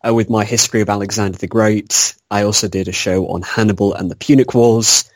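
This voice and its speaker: Low-voiced sarcastic podcast guest. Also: male voice, steady tone, fairly quick, no echo. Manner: dry sarcastic humor, cackling laughs. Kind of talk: casual podcast interview. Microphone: video call.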